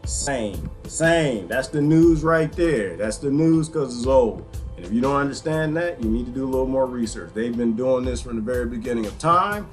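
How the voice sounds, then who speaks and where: Excitable rambling man streaming live. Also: medium pitch, normal speed, hardly any pauses, soft background music. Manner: excitable, rambling, laughs often. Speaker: livestream host. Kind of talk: livestream commentary.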